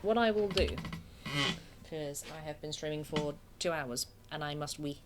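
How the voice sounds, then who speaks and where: A woman's voice: deep voice, a little slow, background noise. A woman from England chatting casually and getting sidetracked while streaming a video game from her bedroom. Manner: chatty, self-deprecating, easily distracted. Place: home bedroom.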